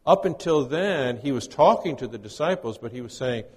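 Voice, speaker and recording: Guy preaching a folksy sermon, mid-pitch voice, long echo like a big church hall. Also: lively intonation, moderate pace, darkish tone, slightly rough. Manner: conversational, folksy teaching with scripture readings. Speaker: guest preacher.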